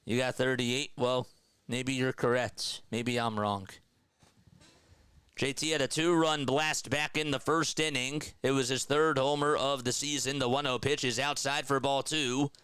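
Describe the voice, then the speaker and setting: Man, play-by-play streamer, bright and forceful voice, dry close sound, chats with viewers between calls. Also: medium pitch, steady tone, a little slow, clean tone, no room sound. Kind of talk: live baseball play-by-play with chat banter.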